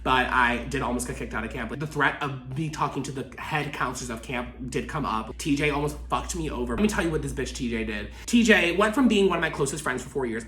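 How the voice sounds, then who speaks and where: Fast-talking dramatic young man storyteller. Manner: dramatic, swearing, acts out quotes in high voices. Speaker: vlogger. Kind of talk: casual storytelling. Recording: echoey room with faint music.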